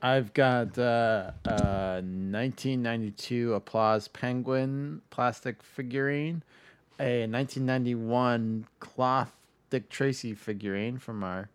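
A man co-hosting a casual podcast, listing collectibles with enthusiasm and teasing his co-host with quick asides. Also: medium pitch, fairly even intonation, clear, resonant tone, no echo. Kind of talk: casual chat.

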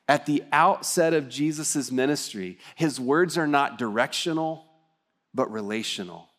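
A man's voice: on the high side, normal speed. Earnest man preaching a sermon. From Texas. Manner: earnest, conversational preaching with rhetorical questions. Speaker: pastor. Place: church, livestream service.

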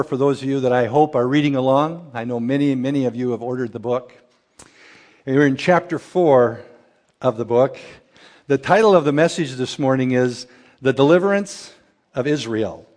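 A middle-aged man preaching a sermon as pastor, folksy and storytelling in manner. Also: medium pitch. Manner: folksy storyteller, acts out characters in a joke. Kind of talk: sermon with a told joke.

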